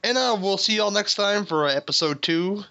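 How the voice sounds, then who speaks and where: A man's voice: high-pitched, animated, brisk, bright, forceful tone. A man hosting a casual movie review podcast, laughing and swearing often as he rambles with restarts. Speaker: podcast host. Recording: dull lo-fi sound.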